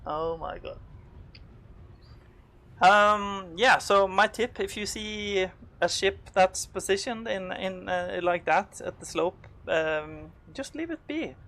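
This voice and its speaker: A man streams a game with live commentary, panicked and out of breath, rambling with fillers and cursing whenever he's startled. His voice sits high and bright, slow and forceful in tone.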